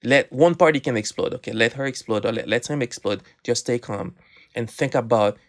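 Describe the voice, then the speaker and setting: A man's voice: medium pitch, brisk. A man, co-hosting a faith podcast and telling stories animatedly with many restarts. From Haiti. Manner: animated storytelling, frequent restarts. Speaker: podcast co-host. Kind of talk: casual faith podcast chat.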